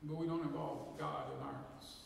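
A man's voice: a little high, very animated, moderate pace, creaky, a little hiss or hum. A middle-aged man preaching a folksy sermon as pastor, leading the congregation in call and response. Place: church sanctuary. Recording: echoey hall from far off.

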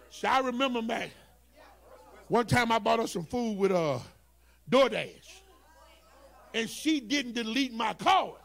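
A male pastor preaching a sermon, dropping to low storytelling and rising to shouted, whooping calls. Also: lively intonation, moderate pace, vocal fry, long pauses, a faint crowd. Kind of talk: Black Baptist preaching.

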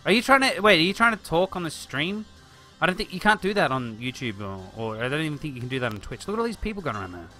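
An Australian man with a slightly high, sing-song voice talks fast in a bright, forceful tone over faint music. He's live-streaming a city-building game, chatting casually, thinking out loud and answering viewers.

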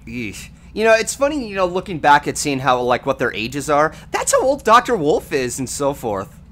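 A man's voice: fairly high pitch, wildly swooping pitch, sharp tone. A man co-hosting a stream in casual chat, playful and teasing. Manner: playful, teasing, quick to joke.

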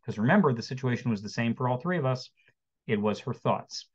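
Animated man giving a webinar talk. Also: medium pitch, fairly quick, breathy edge. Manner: lively, acts out quotes and jokes. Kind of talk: motivational talk to an online audience. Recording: dull lo-fi webinar audio.

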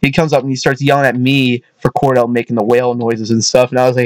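A man's voice: medium pitch, little pitch movement, fast, dry recording. A young man casually telling a storytime tale, rambling, restarting his sentences and often adding "you know what I mean".

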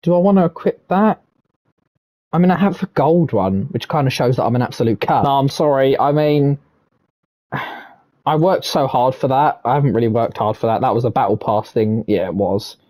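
A man giving loud, excitable gameplay commentary from his room, boastful and swearing freely, his voice hoarse from shouting. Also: mid-range voice, normal speed. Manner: excitable, boastful, swears a lot, shouts and cackles in tense moments. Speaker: gaming video creator.

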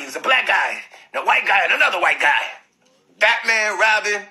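A man's voice: sits high, animated, fairly quick, vocal fry, bright, forceful tone, low-quality recording. A man telling a profane story on a phone live stream, laughing often.

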